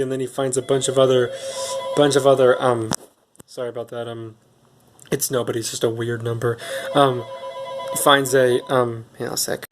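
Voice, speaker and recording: A man casually recapping a film's plot in a rambling, hesitant way, full of restarts and pauses. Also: medium pitch, level tone, noisy background. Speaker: movie reviewer.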